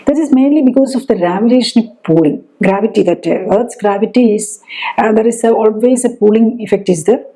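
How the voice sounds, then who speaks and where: A middle-aged woman doctor gives a health lecture, explaining step by step and often pausing on "uh" fillers. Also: on the high side, mellow, low-quality recording. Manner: explanatory, pauses with frequent "uh" fillers.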